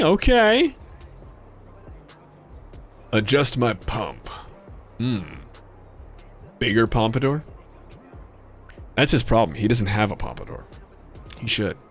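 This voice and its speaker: A young man narrating his gameplay in loose, joking commentary, swearing now and then. His pitch rises and falls a lot around a mid-height voice. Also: very animated, slow pace, pauses often, faint music behind. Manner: joking, swearing, rambling asides. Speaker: streamer.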